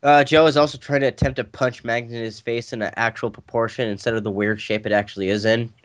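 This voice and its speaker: A man's voice: medium pitch, fairly even intonation, fast talker, dry recording. A man co-hosting a wrestling podcast, talking animatedly and casually, saying "dude" and swearing. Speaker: podcast co-host. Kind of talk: casual chat.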